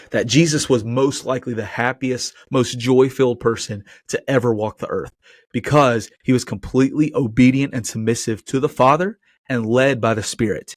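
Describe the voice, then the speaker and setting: A man's voice: medium pitch, dry recording. Male podcast host giving an earnest, chatty sermon; mid-range voice, dry close sound. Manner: earnest and conversational, often asking "right?". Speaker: podcast host and Christian teacher. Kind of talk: casual preaching monologue.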